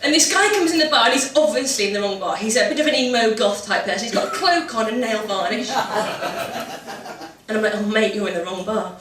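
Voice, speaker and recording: Woman doing stand-up, high voice, big animated storytelling, echoey club mic from far off. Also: fast talker. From English Midlands. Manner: animated storytelling with loud exclaimed punchlines. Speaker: stand-up comedian. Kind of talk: stand-up comedy set. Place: comedy club stage. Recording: roomy live venue recorded from a distance.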